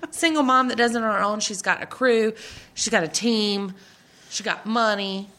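A woman's voice: medium pitch, normal speed, a bit bright. A middle-aged woman hosting a casual chat podcast, gushing and chatty, often laughing. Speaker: podcast host.

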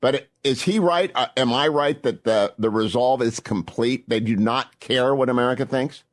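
A man's voice: mid-range voice, moderate pace. A man hosting a radio talk show, asking pointed questions in a blunt, opinionated way. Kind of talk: radio interview.

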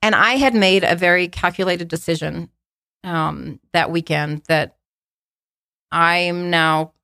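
Woman, storyteller, slightly low voice, dry close mic, animated, many fillers. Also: slow pace, creaky, no room sound. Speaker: guest telling her story. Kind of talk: casual podcast storytelling.

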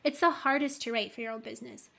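High-voiced chatty woman. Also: quick pace, gravelly, sharp tone. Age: middle-aged. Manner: chatty, lots of "like" and asides. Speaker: guest, email copywriter. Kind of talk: casual podcast interview.

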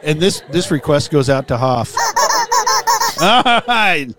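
A man's voice: high-pitched, huge pitch swings, slow, very noisy. A man co-hosting a comedy podcast, teasing his partner and swearing freely. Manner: laughing, profane, teasing. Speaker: co-host. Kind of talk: crude comedy podcast banter.

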